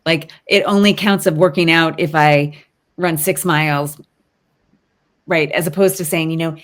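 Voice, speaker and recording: A woman's voice: low voice, fairly even intonation, a little slow. A woman guest on a podcast who explains ideas in a thoughtful, coaching way, with frequent ums and rhetorical "right?"s. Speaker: guest, resilience expert. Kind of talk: casual interview conversation.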